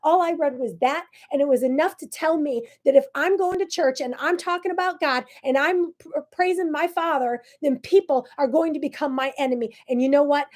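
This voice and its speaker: A woman hosting a faith talk show, preaching to camera in a fiery, candid way that swings between loud outbursts and hushed asides. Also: high-pitched. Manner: candid and self-deprecating.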